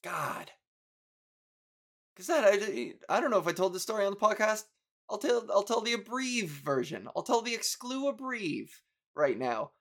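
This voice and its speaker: A man's voice: high voice, sing-song, moderate pace, a bit bright. A young man hosting a podcast, rambling through a story in a profane, self-mocking way with bursts of exasperation. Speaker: podcast host. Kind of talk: casual podcast monologue.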